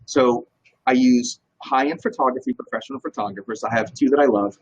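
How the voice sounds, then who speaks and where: A man's voice: medium pitch, a little fast, breathy edge, dull audio. A man, a real estate broker, talking as a guest in a casual interview and telling stories with lots of energy. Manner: energetic, animated storyteller.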